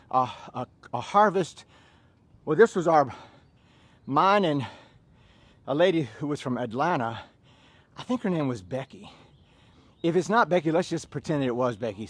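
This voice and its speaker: A man's voice: fairly high pitch, lively intonation, normal speed, long pauses, no room sound. A middle-aged Southern American man leading a workout class, calling out drill-style commands between laid-back stories. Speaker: fitness instructor.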